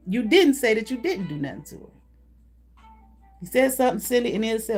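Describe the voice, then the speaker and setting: A woman's voice: fairly high pitch, expressive, a little fast, faint music behind. A woman doing a live card reading, talking bluntly and profanely while laughing often between remarks. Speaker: intuitive card reader.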